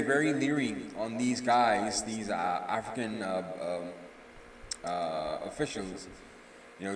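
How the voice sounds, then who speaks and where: A tired man giving casual, opinionated news commentary on a live stream, rambling with filler pauses. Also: mid-range voice, a little hiss or hum. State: tired, yawning. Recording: roomy echo, distant mic.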